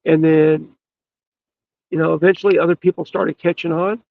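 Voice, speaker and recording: A man, a podcast guest, telling a story in an earnest, emphatic way with drawn-out pauses. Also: a little high, flat delivery, gravelly. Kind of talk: storytelling in casual chat. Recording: dull, lo-fi dry sound.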